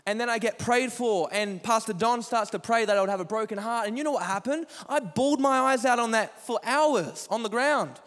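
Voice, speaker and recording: High-voiced young man preaching in a hall. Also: a little fast, few pauses, fairly bright tone. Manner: impassioned, repetitive preaching with rhetorical questions. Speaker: youth pastor. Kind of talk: sermon. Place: church auditorium. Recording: long hall reverb.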